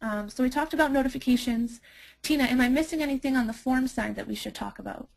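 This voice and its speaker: Upbeat woman presenting a software demo. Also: high-pitched, fast talker, gravelly, low-quality recording. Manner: enthusiastic, chatty, fillers like um.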